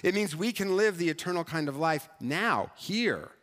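A man preaching a sermon as pastor, talking in a conversational, animated and self-mocking way. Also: high voice, normal speed. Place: church sanctuary. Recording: church hall reverb.

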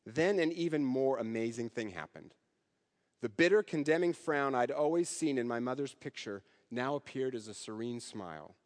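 A man preaching a sermon in an earnest way, with emphatic rises and soft drops, closing in prayer. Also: medium pitch, in a large hall. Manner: earnest, rising and falling emphasis, ending in prayer.

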